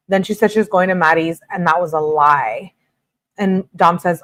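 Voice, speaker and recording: Host brief: young woman, lowish voice, reads texts aloud flatly with running commentary. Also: a little fast. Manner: plain matter-of-fact reading, frequent "and she says". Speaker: true crime channel host. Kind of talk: reading text messages aloud with commentary.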